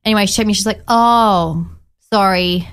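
A woman in her twenties with a smooth, mid-range voice speaks at normal speed as a guest in a casual chat. She tells her story openly, chatty and animated, acting out what people said with many "I was like" quotes.

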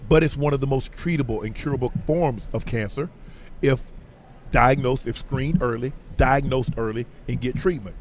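Middle-aged male radio guest, emphatic and animated, voice going hoarse, light background hum. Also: medium pitch, normal speed. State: voice getting hoarse. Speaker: guest, former football player. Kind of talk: radio sports interview.

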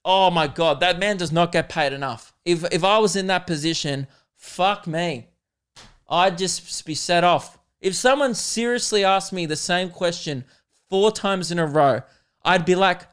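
Young Aussie male podcast host, casual profane rant, clear and bright in tone, self-mocking. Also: fairly high pitch, a little slow. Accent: Australian.

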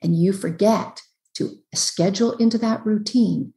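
A woman psychologist joins over a video call and lays out advice in quick, emphatic lists. Her voice sits at an everyday middle pitch and carries a clear, roomy echo from the space she is calling from. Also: warm tone. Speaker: relationship psychologist guest. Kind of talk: podcast interview giving advice. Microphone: computer on a video call.

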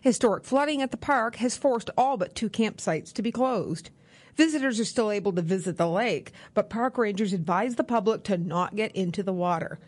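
A woman filing a radio news report in a plain, even way. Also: mid-range voice, moderate pace, no echo.

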